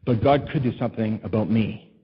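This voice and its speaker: Male pastor, slightly husky, preaches like he's chatting and keeps asking the room questions. Dull, muffled recording. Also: fairly low pitch, fairly quick. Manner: conversational, asks the congregation questions, acts out quotes. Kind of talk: sermon.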